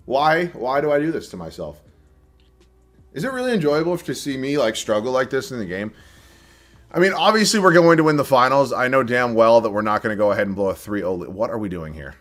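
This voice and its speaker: Young male gaming YouTuber, lively swings in pitch, quick to erupt and curse, self-mocking. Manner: swears often, frustrated outbursts, self-deprecating. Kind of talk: live gameplay commentary.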